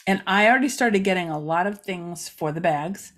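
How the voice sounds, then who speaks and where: A woman's voice: lowish voice, animated, normal speed. A middle-aged woman hosting a casual community update for a local news site, chatty and rambling with many fillers.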